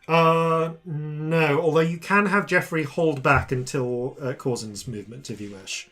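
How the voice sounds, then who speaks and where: A man narrating as dungeon master, halting and full of fillers and self-corrections. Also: on the high side, a bit bright. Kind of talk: narrating a tabletop game.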